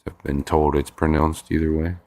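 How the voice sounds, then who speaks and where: With a rumbling low, somewhat mellow voice and little pitch variation, a relaxed streamer talks at normal speed in a dry recording. He's a parent of a five-year-old with a sore, stiff neck, loosely chatting with viewers, reading their comments and repeating words.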